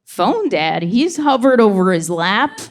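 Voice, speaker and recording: A young woman performing a stand-up comedy set on a club stage, delivering deadpan punchlines and slipping into quick voices for the characters in her stories. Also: medium pitch. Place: comedy club stage before a live audience.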